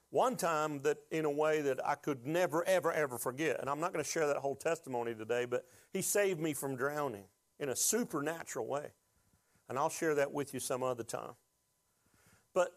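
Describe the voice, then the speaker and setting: A man preaching a sermon as pastor, talking conversationally and building to fervent, rising exhortation. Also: on the high side.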